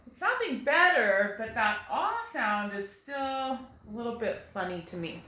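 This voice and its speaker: A woman's voice: a little high, very animated, a little slow, sharp tone, roomy sound, rough recording. A first grade teacher, a woman, giving a recorded phonics lesson, patiently sounding out words for young children.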